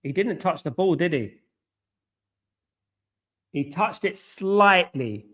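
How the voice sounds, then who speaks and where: This is a man hosting a live football watchalong stream. His voice sits a little high, and he talks in an excitable, chatty way, reacting to the play and calling out to viewers by name. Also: slow pace. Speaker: watchalong host.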